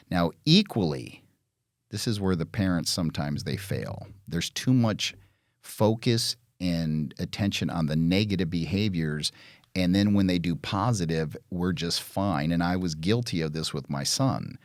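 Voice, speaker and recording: A blunt, foul-mouthed middle-aged man in casual podcast chat, with a low voice that rises and falls widely as he tells stories. He slips into little parent and child voices along the way. The sound is dry and close, with no room around it. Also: a little slow, no echo. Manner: blunt, profane, animated storytelling.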